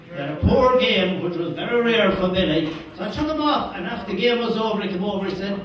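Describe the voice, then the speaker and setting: A man's voice: high-pitched, expressive, fast, fairly bright tone. An older Irish man giving an anecdotal speech as a former team manager, chuckling as he tells stories and acts out what people said. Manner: chuckling storyteller, acts out quotes. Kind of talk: anecdotal after-dinner speech. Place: function hall. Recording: echoey hall, distant mic.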